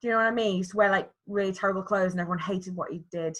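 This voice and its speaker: A woman in her thirties, from England, co-hosting a casual podcast chat. Her voice is bright and clear, and she chats loosely, laughs often and trails off into fillers while she searches for words. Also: mid-range voice, racing. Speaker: podcast co-host.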